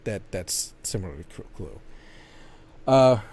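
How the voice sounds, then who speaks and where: A man's voice: fairly low pitch, lively intonation, measured pace, darkish tone. A man co-hosting a casual gaming podcast, rambling with lots of fillers and restarts. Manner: rambling, filler-heavy, laughs easily. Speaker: podcast co-host.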